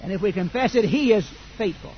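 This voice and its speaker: An older man, preaching a sermon that swings from quiet asides to loud fervent declaration. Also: high-pitched, lively intonation, brisk, highs cut off, a little hiss or hum.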